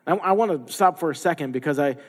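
Guy preaching a sermon, chatty, acts out the people he quotes, kinda high voice, big echoey church hall. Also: fast, husky. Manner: conversational, acts out quoted voices with playful asides. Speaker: pastor. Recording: long hall reverb.

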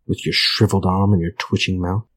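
A man voicing a father who mocks his crippled son with cackling scorn, in a low husky voice. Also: normal speed, darkish tone. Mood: mocking. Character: mocking father of a crippled boy.

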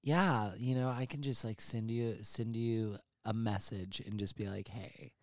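A man's voice: fairly low pitch, steady tone, measured pace, no room sound, studio quality. A man hosting a casual comedy movie podcast from a home office, talking in a profane, hyperbolic, rambling way. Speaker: podcast host.

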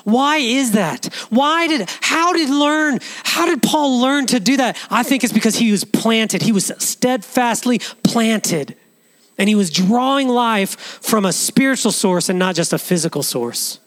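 Male pastor, high voice, earnest sermon, restarts often. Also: animated, a little slow, a bit bright.

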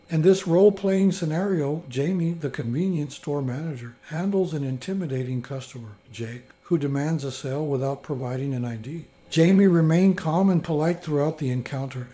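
A man giving scripted training narration in a steady, instructive way. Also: fairly high pitch.

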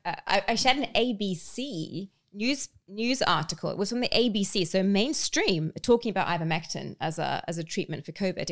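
A woman's voice: on the low side, fairly bright tone. A woman, a former nurse, answering interview questions in an earnest, matter-of-fact way. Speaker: podcast guest, former nurse.

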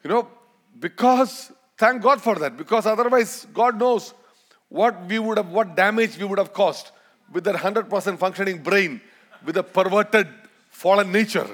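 Indian preacher guy, high voice, cracking jokes and getting the crowd to repeat after him. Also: moderate pace. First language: Malayalam. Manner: joking, lively, leads the crowd in repeating. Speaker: guest preacher. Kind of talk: sermon.

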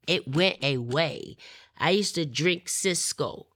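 A woman tells her personal testimony in an interview. Her voice sits low but rings bright and forceful, and she acts out the people in her story as she goes. The sound is dry and close, with no room around it. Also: animated, takes it slowly, no echo.

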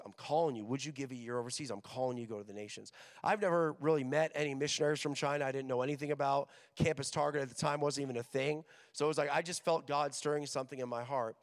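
A young man preaching to students, energetic and joking, acting out voices in his stories. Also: a little high. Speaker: missions director speaking at a school chapel. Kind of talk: sermon. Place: large hall with an audience. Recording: long hall reverb.

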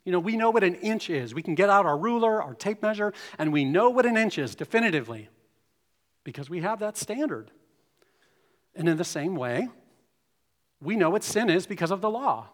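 A man's voice: high-pitched, big pitch swings, moderate pace. A man preaching a sermon, explaining scripture and reading passages aloud to his congregation. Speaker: pastor. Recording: long reverb of a hall.

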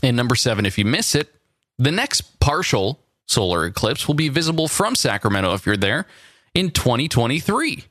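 A man's voice: mid-range voice, very animated, moderate pace, a bit bright, no echo. A man co-hosting a casual podcast over a video call, talking in a rambling way with restarts and dry asides. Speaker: podcast co-host. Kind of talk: casual chat.

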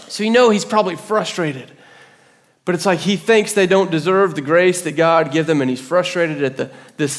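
A man in his thirties preaches from the pulpit in a slightly higher than usual voice. He tells stories and slips into the voices of the people he quotes, then goes back to explaining. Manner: storytelling, acts out quoted voices. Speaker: pastor. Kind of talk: sermon. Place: church hall.

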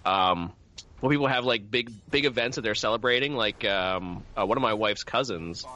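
Bright-voiced man rambling in casual chat. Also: fairly low pitch, normal speed, no room sound. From New Jersey. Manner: rambling, many fillers and restarts. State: coughing lately. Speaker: podcast co-host. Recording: dull lo-fi recording.

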